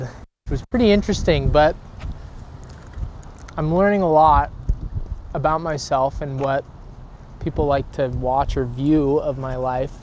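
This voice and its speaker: A man's voice: fairly high pitch, a little mellow, highs cut off, slight background noise. A man hosting a casual vlog, chatty and rambling, sometimes losing his thread. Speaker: vlog host.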